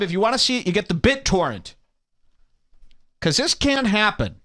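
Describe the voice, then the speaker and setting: A man's voice: high voice, animated, a little slow, bright, forceful tone, dry recording. A man hosting a comedy podcast, ranting in a crude, mocking and sarcastic way. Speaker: podcast host.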